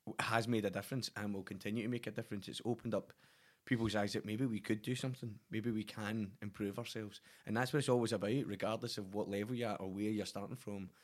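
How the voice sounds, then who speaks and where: A man's voice: on the low side, steady tone, quick pace, few pauses. A middle-aged Scottish man in casual chat, enthusiastic and full of "you know" and restarts. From Scotland.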